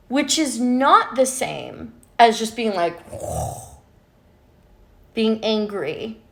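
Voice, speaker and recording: A woman's voice: medium pitch, creaky. A woman coach talking casually to her viewers, candid, swearing freely and often ending points with "right?". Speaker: love and spiritual coach. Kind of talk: casual livestream talk to viewers.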